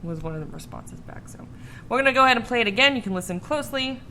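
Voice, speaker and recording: A woman's voice: on the high side, expressive, fast, bright, forceful tone, slight background noise. Chatty woman hosting a ghost podcast. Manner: chatty, laughing, swears freely. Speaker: podcast host. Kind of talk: casual podcast talk.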